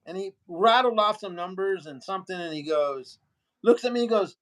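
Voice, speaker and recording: Male interview guest, higher voice, lively raconteur who voices the people in his story. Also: moderate pace. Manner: animated storyteller, acts out other people's lines.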